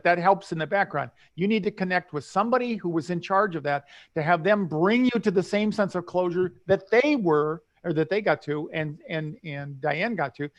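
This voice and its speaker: High-voiced man coaching nervous flyers. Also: a bit bright, lo-fi sound. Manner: earnest, reassuring, with many restarts. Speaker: airline pilot and show host. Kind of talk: live talk show, explaining to nervous flyers.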